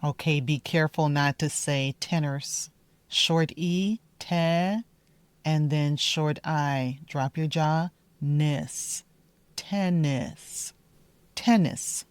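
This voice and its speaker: A woman gives an English pronunciation lesson while out in a park with her dog, her low voice smooth, slow and relaxed. Every model word gets a careful, deliberate repetition, and the recording is close and dry, free of echo.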